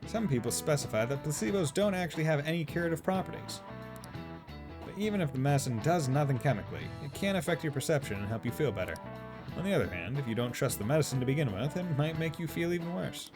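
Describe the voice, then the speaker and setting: A streamer voicing a calm male school counselor in a game, reassuring, quick explanations, lively pitch, faint game music behind. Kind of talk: reading game dialogue aloud.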